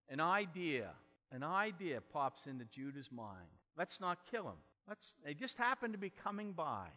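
A man's voice: a little high, pushed and bright. A man preaching an expository sermon and telling the story with dramatic emphasis. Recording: long hall reverb.

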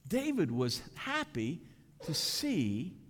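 Slow, lively-voiced male preacher in a hall. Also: on the high side. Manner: animated preaching with dramatic emphasis. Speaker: pastor. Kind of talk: sermon. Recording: reverberant hall.

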